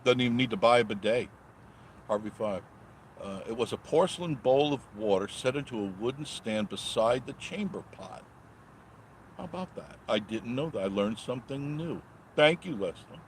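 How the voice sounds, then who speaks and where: Behind the wheel of a car on the road, a man with an expressive, mid-range voice chats at a moderate pace, with a bit of background noise. He's live-streaming a vlog, reading out viewer comments and chatting in a rambling, joking manner.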